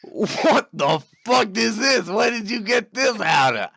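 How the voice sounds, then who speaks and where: A man doing a gruff old dwarf shopkeeper. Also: high voice, sing-song, slow pace, sharp tone, voice pushed up, exaggerated voice. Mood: incredulous. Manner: blustery, calls people laddie. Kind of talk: tabletop role-play voice acting.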